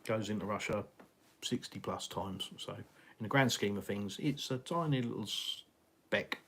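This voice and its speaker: A man's voice: on the low side, unhurried, fairly bright tone, breathy edge. A middle-aged English man with a southeastern accent and a slight West Country twang, rambling casually on a live stream and answering viewer comments. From England. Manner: rambling, many fillers and restarts, chatty.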